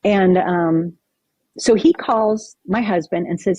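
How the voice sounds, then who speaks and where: A woman's voice: lowish voice, takes it slowly, breathy edge, no room sound. A woman guest on a podcast, recounting a personal story vividly and acting out what people said. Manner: vivid, animated retelling with acted-out quotes.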